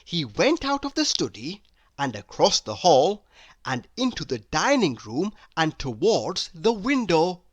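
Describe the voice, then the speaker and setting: A woman reading a children's storybook aloud in an expressive manner, now and then asking the listener questions. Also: on the low side, a little slow, dry recording. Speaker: storybook reader.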